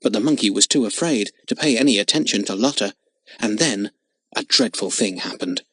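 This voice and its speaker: A man narrating a children's audiobook with an expressive, dramatic reading. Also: lowish voice, brisk, husky, dry recording. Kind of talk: storybook narration.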